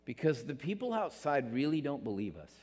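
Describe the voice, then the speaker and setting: A man preaching a sermon as pastor, animated, climbing in pitch for emphasis and acting out what people say. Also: fairly quick. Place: church sanctuary. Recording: long reverb of a sanctuary.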